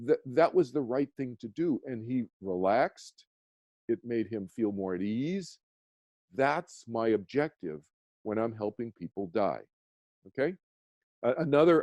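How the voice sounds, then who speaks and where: There's no room sound around this man's warm, medium-pitched voice. A meditation teacher appearing as a guest, he explains earnestly, with frequent restarts and check-ins of "okay?"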